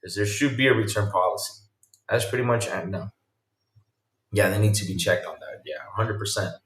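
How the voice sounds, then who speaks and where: A man hosting a casual live-streamed podcast, reacting with loud exclamations and reading viewer chat aloud. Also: fairly low pitch, steady tone, fairly quick, echoey room, distant mic.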